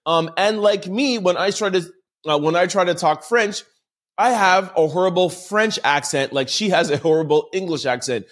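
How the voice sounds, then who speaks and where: Man, Canadian accent, podcast host, casual and rambling, slightly high voice. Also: moderate pace, fairly bright tone. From Montreal, Canada. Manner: chatty, lots of "um" fillers and restarts.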